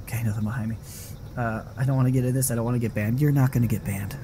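Playing a horror game on a live stream, this man talks in a steady, mid-range voice at a rapid-fire clip, with noise in the background. His casual commentary wanders and interrupts itself, peppered with swearing and frequent laughter.

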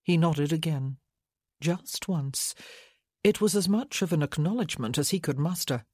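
An audiobook narrator reading a romance novel in a measured way. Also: medium pitch, expressive, a little mellow, breathy edge, no room sound, studio quality. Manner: slow, measured. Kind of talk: scripted narration.

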